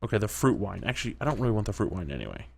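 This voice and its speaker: A man's voice: on the low side, big pitch swings, very fast, gravelly, slight background noise. Chatty man doing let's-play commentary. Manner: chatty, reacting aloud, sometimes whispering. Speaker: gaming commentator.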